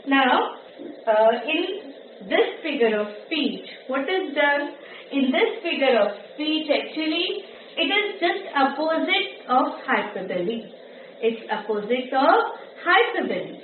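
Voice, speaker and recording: Woman teacher, high voice, slow deliberate lesson delivery, distant tinny phone-like sound. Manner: patient, repeats points, asks rhetorical questions. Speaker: English teacher. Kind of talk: classroom lesson explanation. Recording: echoey, distant, tinny phone-like audio with faint hiss.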